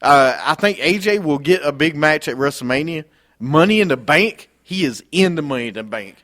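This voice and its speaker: A man's voice: fairly high pitch, normal speed. A man from North Carolina with a slight Southern twang, co-hosting a casual wrestling chat and making emphatic points. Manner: emphatic, lively, laughing protests. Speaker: podcast co-host.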